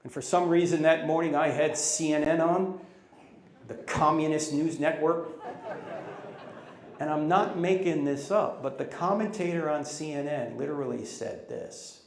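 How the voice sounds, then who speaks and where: A man in his sixties, speaking live to a campus audience. He tells stories in a fairly high voice, and his voice rises sharply whenever he acts out other people's lines. The sound bounces around a large, echoey hall. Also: measured pace, slight background noise. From United States. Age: 60s. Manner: animated storyteller, acts out quotes in raised voices. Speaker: Christian apologetics speaker. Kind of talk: live campus talk with storytelling and jokes.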